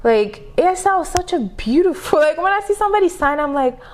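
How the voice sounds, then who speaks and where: Animated woman with a French accent. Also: sits high, brisk, a little hiss or hum. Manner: animated, emphatic, asks "okay?" often. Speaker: podcast guest. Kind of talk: casual interview chat.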